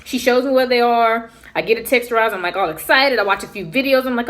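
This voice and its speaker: Lively young woman telling a story. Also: fairly high pitch, fast talker. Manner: animated, acts out what others said. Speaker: vlogger. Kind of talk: casual storytelling.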